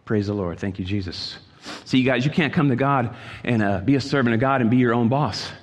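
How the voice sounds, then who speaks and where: In a large hall, a pastor with a mid-range voice delivers a brisk, exhorting sermon. He repeats himself for emphasis and moves from soft asides to loud appeals.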